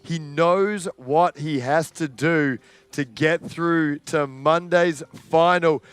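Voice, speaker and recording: A man calling a live sports event, excitable and rising to shouts on the big moments. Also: a little high, slow pace, clear, resonant tone, dry recording. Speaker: sports commentator.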